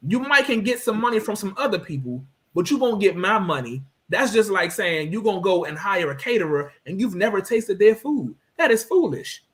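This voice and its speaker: Emphatic man with a fairly high voice. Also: lively intonation, brisk, few pauses, fairly bright tone. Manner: emphatic, preachy, rhetorical questions. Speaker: co-host. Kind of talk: business panel discussion.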